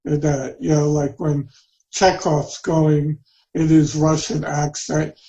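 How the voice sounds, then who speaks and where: A middle-aged man with a gravelly, mellow voice pitched a little high, trading comments in a relaxed film chat. He speaks in halting bits and mostly chimes in with brief agreements. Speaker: podcast co-host. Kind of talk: casual chat.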